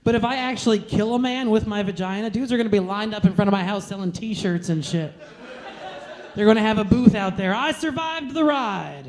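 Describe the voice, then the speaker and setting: A woman performs stand-up on stage with a brash, crude, self-mocking delivery. Her pitch sits in the middle range, neither high nor low. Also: steady tone, brisk, darkish tone. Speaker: stand-up comedian. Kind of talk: stand-up comedy set.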